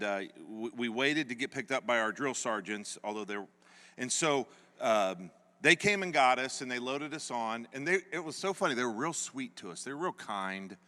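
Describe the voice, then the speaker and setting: A man's voice: mid-range voice, pushed and bright. A man in his fifties preaching a sermon, telling a personal story in a folksy way with frequent laughs and repeated phrases. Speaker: pastor. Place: church sanctuary. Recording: long hall reverb.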